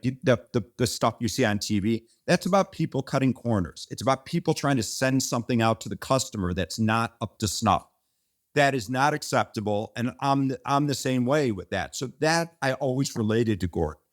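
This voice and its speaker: A company founder in a relaxed interview, talking in long rambling runs. His voice sits at an ordinary middle pitch, and he tells the story with plenty of restarts and the odd swear word. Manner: rambling and animated, frequent restarts and mild swearing.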